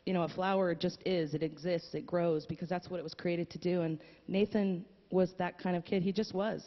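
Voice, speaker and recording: A woman speaking at a memorial, telling a story with pauses and fillers, then reading a poem aloud. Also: on the low side. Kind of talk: heartfelt eulogy and poem reading. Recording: dull audio with long hall reverb.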